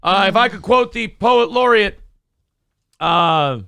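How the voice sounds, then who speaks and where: A man with a high, gravelly voice and a sharp, bright edge hosts a comedy morning show. He riffs crudely and sarcastically, then slips into mock-solemn speechmaking. The sound is close and dry. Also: expressive, slow pace, dry recording.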